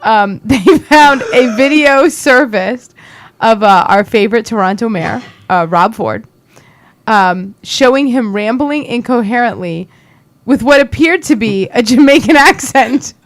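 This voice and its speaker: A woman's voice: a little high, animated, unhurried. A young woman co-hosting a casual political talk show, telling a news story while laughing through it.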